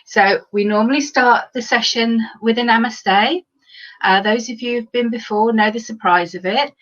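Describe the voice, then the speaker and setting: A woman's voice: on the high side, moderate pace. Woman leading laughter yoga. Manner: warm encouraging teacher, chatty with fillers. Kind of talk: guided exercise class instruction. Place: indoors at home, on a video stream. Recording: slightly dull lo-fi sound.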